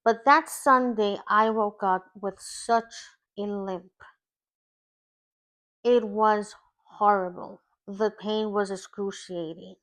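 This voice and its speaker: Woman telling her faith story real slow, emotional, lots of pauses, mid pitch. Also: fairly even intonation, fairly bright tone. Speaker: life coach. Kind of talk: personal faith testimony.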